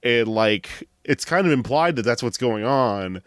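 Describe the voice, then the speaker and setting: A man's voice: medium pitch, lively intonation, measured pace, no echo, clean studio sound. A man hosting a podcast, casually retelling a story in a rambling, amused way. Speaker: podcast host.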